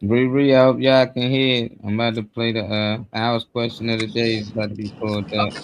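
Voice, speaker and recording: A man co-hosting a live morning show in a relaxed, slang-heavy casual chat. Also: medium pitch, brisk, dull audio, a little hiss or hum. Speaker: co-host.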